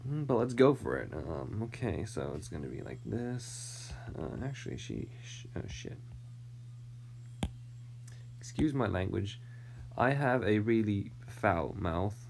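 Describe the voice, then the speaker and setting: This American streamer thinks out loud as he draws, his voice on the low side, creaky and unhurried, with big swings in pitch. He mumbles and trails off almost to a whisper, adding self-deprecating comments. There's slight background noise.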